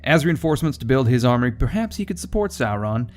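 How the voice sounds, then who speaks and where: A man in casual gameplay commentary, wandering from point to point. He jokes and swears without a second thought. His voice sits in a middling pitch. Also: sing-song, fast, slight background noise. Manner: joking, rambling, swears freely.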